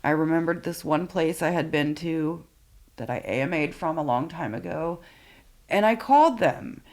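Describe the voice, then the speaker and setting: A woman's voice: low voice, expressive, moderate pace, a little mellow. A woman in her forties, a podcast guest, frankly telling her own story with plenty of swearing and fillers. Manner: frank and profane, with many fillers. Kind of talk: candid personal storytelling.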